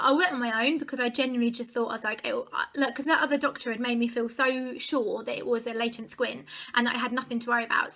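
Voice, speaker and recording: A woman's voice: on the high side, pushed and bright. A young woman vlogger chattily retelling a personal story to camera, acting out the dialogue.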